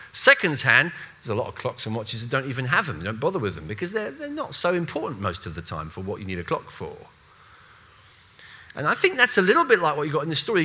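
A man preaching a sermon in a conversational, animated way, with playful asides and voiced quotes. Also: medium pitch.

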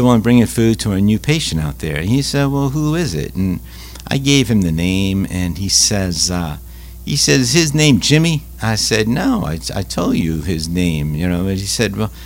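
Telling stories in an easygoing interview, this leader of a Catholic food ministry, a Louisiana native, has a deep voice and a halting way of talking. Fillers crop up often, and he says words more than once.

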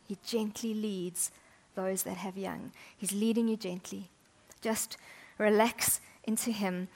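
A woman preaching a sermon, chatty and humorous, often dropping to soft, intimate tones. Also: medium pitch, steady tone, takes it slowly, hardly any pauses.

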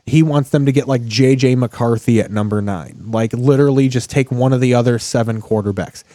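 A man's voice: mid-range voice, brisk, mellow, dry recording. Profane ranting man. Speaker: podcast host. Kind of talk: casual chat while watching TV.

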